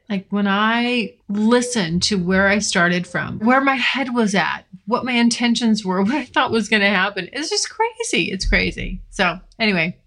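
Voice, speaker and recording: A California woman with a medium-pitched, slightly bright voice hosts her own podcast solo, filmed as she records. She vents candidly, swearing plenty and laughing along the way.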